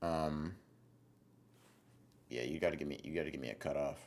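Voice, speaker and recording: A man with a deep, low voice chats on a live stream. He reads chat messages aloud and answers them in a relaxed, slangy way. He rambles, restarts his sentences and swears casually. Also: moderate pace, a little hiss or hum. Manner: laid-back, slangy, rambling with fillers and restarts.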